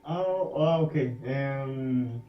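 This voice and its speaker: A man's voice: medium pitch, very slow. A man who is a native Spanish speaker, a student hesitantly searching for words in an English class over a video call. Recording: roomy, dull video call audio.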